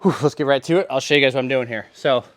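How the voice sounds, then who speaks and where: A man's voice: medium pitch, very fast, no room sound, clean studio sound. A man in a gym, out of breath between sets, puffing as he casually explains how he uses a training machine. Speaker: fitness vlogger. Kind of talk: casual workout demonstration.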